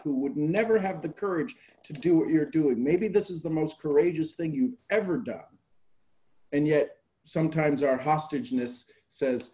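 A man leads a group call with earnest motivational coaching, coming back again and again to his key phrases. His voice sits a little high, and the recording sounds dull and lo-fi. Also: dark tone.

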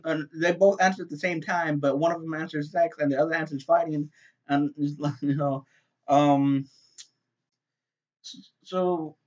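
A man casually reviewing a TV episode, rambling and halting, with lots of fillers, repeated words and loose, profane talk. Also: fairly high pitch, fairly even intonation, muffled recording.

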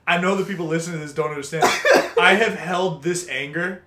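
Animated young man ranting in an echoey room. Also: fairly high pitch, fairly quick. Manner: animated ranting storyteller, swears freely. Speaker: host. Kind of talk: casual podcast chat over gameplay.

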